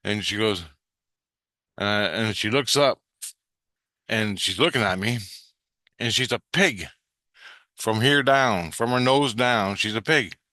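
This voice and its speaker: A man's voice: fairly low pitch, slow, pauses often, sharp tone, no room sound, clean studio sound. A man casually recounting a dreamlike experience, meandering with frequent restarts and offhand swearing. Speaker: vlogger recounting a spirit-world vision. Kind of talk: casual rambling storytelling.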